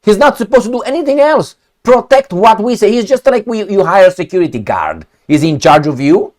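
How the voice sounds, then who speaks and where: A man rants through commentary on news clips, blunt and profane, dripping with sarcasm. His voice sits a little high for a man and swings widely up and down as he talks. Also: sing-song, a little fast, darkish tone. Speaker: political commentator.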